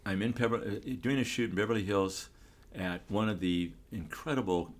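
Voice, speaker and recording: An older man, a photographer, telling a story in a relaxed, rambling way, full of restarts and fillers. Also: fairly low pitch, moderate pace. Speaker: photographer, guest.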